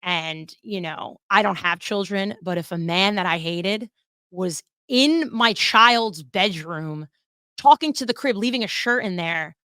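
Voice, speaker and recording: A woman's voice: medium pitch, animated, a little slow, fairly bright tone, dry recording, clean studio sound. A young woman hosting her own podcast, talking casually and candidly, and swearing freely as she chats. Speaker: podcast host. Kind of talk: casual solo podcast commentary.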